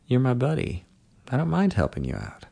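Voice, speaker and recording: A man voicing a soft-spoken adult man who talks in a low, hushed, persuasive way. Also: very animated, moderate pace, vocal fry, heavily acted. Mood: hushed, coaxing.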